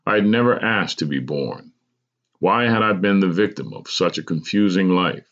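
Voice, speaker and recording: A man, a podcast host, reading his personal memoir aloud in a measured, deliberate way. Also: deep voice, a bit bright, highs cut off.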